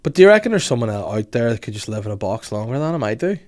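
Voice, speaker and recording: A man's voice: mid-range voice, very animated, quick pace, a little mellow. A man co-hosting a podcast, rambling through crude jokes with lots of fillers. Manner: rambling, jokey, lots of "like" and "you know". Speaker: podcast co-host. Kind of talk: crude casual banter.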